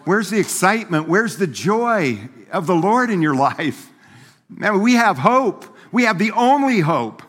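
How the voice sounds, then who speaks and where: A man's voice: high-pitched, very animated, unhurried, a bit bright. Folksy male pastor in a reverberant hall. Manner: folksy, conversational preaching with laughs and quoted voices. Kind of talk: sermon.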